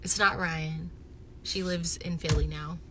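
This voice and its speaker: A woman chatting casually with viewers on a phone livestream, animated and loud, swinging between excited bursts and near-whispers. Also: on the low side, measured pace, background noise. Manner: says she is loud. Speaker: reality TV personality going live.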